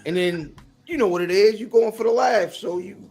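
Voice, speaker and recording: Slangy male podcaster, slightly high voice. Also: fairly quick, darkish tone, faint music behind. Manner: loose, slangy storytelling with mimicry. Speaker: podcast co-host. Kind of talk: casual chat.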